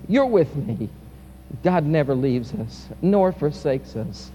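A male pastor preaching a sermon, swinging from loud, impassioned peaks to quiet, soft passages. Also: medium pitch, animated, slow, highs cut off. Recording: reverberant hall with faint hum.

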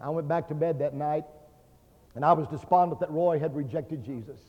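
A Baptist pastor preaching a fervent sermon, swinging between loud declarations and hushed tones. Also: male voice, on the high side, a little fast. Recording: dull lo-fi sermon recording with long hall reverb.

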